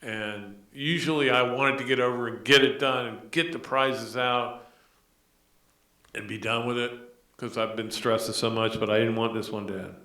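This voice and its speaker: Middle-aged guy doing a sports podcast, bright voice, rambles w lots of uhs, echoey room. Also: medium pitch, steady tone, moderate pace. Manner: rambling, with many fillers and restarts. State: emotional. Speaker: podcast host. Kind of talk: casual sports talk.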